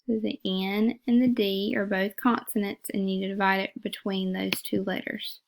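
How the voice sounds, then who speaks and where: A woman's voice: mid-range voice, level tone, normal speed, creaky, a little hiss or hum. A woman teacher giving a phonics lesson, patiently repeating words and sounding them out syllable by syllable.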